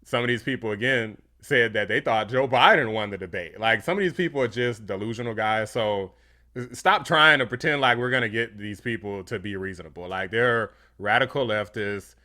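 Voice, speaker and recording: A man's voice: fairly low pitch, normal speed, bright, forceful tone. A man commenting on clips for his channel in a casual, slangy, dismissive way. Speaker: YouTube commentator. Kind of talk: reaction video commentary.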